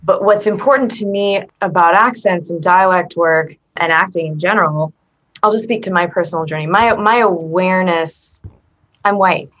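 A woman's voice: lowish voice, moderate pace. A middle-aged woman talking as an interview guest, thoughtful and earnest, with frequent restarts. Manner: thoughtful, earnest, with many restarts and soft laughs. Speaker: guest, accent performer. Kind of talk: reflective interview conversation.

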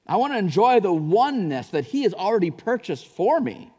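A man's voice: sits high, big pitch swings, a little fast, warm tone, breathy edge, in a large hall. A male pastor giving a sermon in a church, talking conversationally with frequent asides and building to fervent emphasis. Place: church sanctuary.

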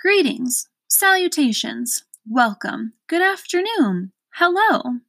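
A woman voicing a group of formal, courtly gentlemen officials reading proclamations in turn. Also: sits high, very animated, takes it slowly, creaky, no echo, pitched above the performer's own voice, full character voice. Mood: ceremonious.

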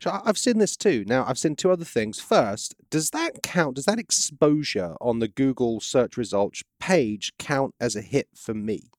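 A man's voice: medium pitch, expressive, normal speed, few pauses, no room sound, clean studio sound. A man hosting a casual conversation, asking curious, chatty questions and often repeating words as he talks. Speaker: host.

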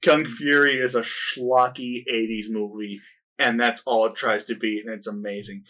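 A man chatting casually about movies on a podcast, eager and rambling, often restarting his sentences. His voice sits at a middle pitch for a man. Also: steady tone, normal speed, bright, forceful tone. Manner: enthusiastic, rambling with restarts and laughs. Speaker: podcast co-host. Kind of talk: casual film review chat.

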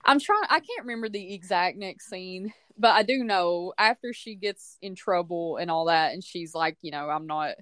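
A woman co-hosting a casual movie review podcast, opinionated and animated, often acting out quotes. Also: lowish voice, normal speed, hardly any pauses, dry recording, clean studio sound. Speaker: podcast co-host.

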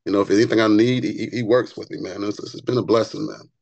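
A man, a barber and author, telling stories as a podcast guest in an earnest, animated way, often repeating words as he gets going. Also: on the low side, quick pace, gravelly, no room sound, poor audio. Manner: repeats words when excited. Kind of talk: conversational interview storytelling.

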